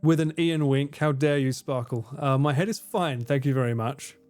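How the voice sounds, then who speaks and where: A man's voice: medium pitch, normal speed, darkish tone, faint music behind. A man in his forties with a British accent, casually reading and answering viewer comments on a livestream, swearing freely and laughing often. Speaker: livestream host. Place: room at home with air conditioning running.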